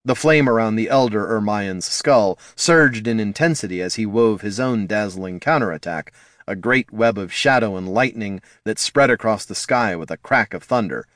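A man narrating a fantasy audiobook in a measured storytelling manner. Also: lowish voice, fairly bright tone, no room sound, clean studio sound. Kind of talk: scripted narration.

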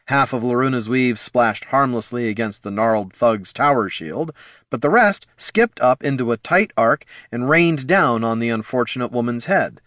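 A man narrating a fantasy audiobook in a steady, measured way. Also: medium pitch, no echo, studio quality.

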